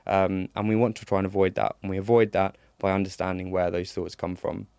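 Earnest British man, lowish voice. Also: flat delivery, fairly quick, gravelly, darkish tone, smooth, no room sound. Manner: earnest, with many fillers and restarts. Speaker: podcast guest, mental health advocate. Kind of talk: casual conversation.

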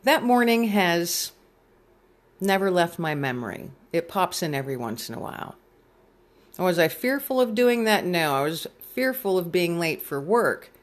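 A middle-aged speaker recounts a personal experience of faith to listeners, sincere and heartfelt throughout. They slip into their own past inner voice when quoting old thoughts. Their pitch sits in an ordinary middle range. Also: sing-song, moderate pace. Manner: earnest, retells scenes by voicing own past thoughts. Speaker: storyteller sharing a faith testimony. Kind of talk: personal storytelling to an audience.

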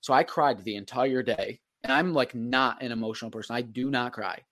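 A man co-hosting a podcast in an easygoing, reflective way. He drops casual slang as he goes and keeps a steady, mid-pitched voice. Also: fairly quick. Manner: laid-back, reflective, drawling slang. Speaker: podcast co-host, real estate agent.

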